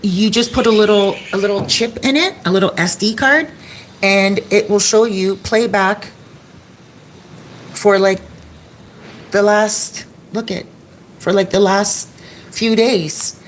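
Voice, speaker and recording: A woman who hosts on Airbnb and vlogs tells a chatty story to her phone at home, slipping in "he's like" to quote people. Her voice is medium-pitched, slow, and full of pauses, with a little hiss or hum.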